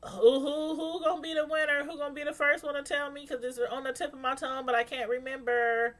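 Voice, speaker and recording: A woman's voice: high-pitched, level tone, brisk. A woman chatting casually with live viewers as she reviews a TV episode, laughing often and answering the chat. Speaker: show reviewer on a live stream.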